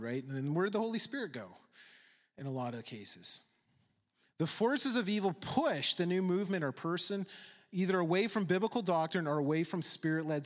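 A man preaching a sermon in a slightly high voice, hammering points home by repeating words and dropping casual asides. His voice rings out with a long hall reverb behind it. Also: a bit bright. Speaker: pastor.

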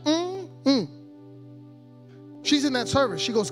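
A man's voice: high voice, animated, normal speed, soft background music. Fiery joking preacher man. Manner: impassioned preaching, swinging between quiet storytelling and loud shouting; playful, jokey asides. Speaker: guest preacher. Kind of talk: sermon.

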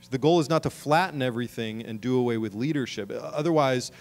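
A man's voice: medium pitch, fast talker. A middle-aged man preaching a sermon as pastor, earnest, with emphatic rising calls.

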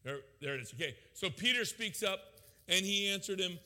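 A male pastor preaching with casual, joking energy. His voice sits fairly high and sounds very bright. A long reverb from the hall rings behind him. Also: animated, fairly quick. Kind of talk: sermon.

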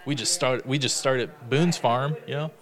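A man leads a relaxed Bible study in an easygoing, talkative way. He laughs often and acts out the stories in quick bits of dialogue. His voice sits at an ordinary middle pitch for a man. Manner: chatty, laughs often, retells stories in lively quoted dialogue. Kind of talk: casual Bible study teaching.

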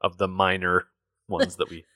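A man's voice: sits low, monotone, moderate pace, pushed and bright, dry recording, clean studio sound. A man co-hosting a podcast, chatting casually and conversationally about a movie. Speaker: podcast co-host. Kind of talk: casual movie discussion chat.

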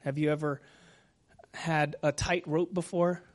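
A man preaching a sermon as pastor, talking gently and sometimes dropping to a whisper. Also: fairly high pitch, level tone. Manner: slow, gentle, drops to a whisper at times.

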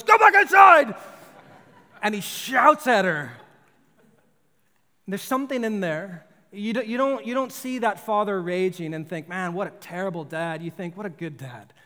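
A man preaching a sermon in earnest, often repeating words and restarting phrases as he goes. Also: sits high. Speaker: pastor. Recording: long hall reverb.

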